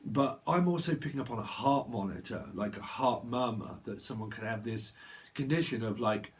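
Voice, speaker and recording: A man's voice: medium pitch, moderate pace. Rambling British man doing tarot readings. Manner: rambling, free-associating, trailing off and self-correcting. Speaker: tarot reader. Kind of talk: psychic tarot reading monologue.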